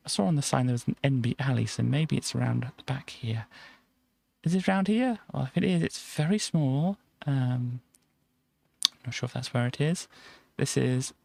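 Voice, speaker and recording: Gravelly-voiced man chatting through a game. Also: mid-range voice, a little mellow, dry recording. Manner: playful, chatty, drops in silly sound effects. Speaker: streamer. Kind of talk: casual gameplay commentary.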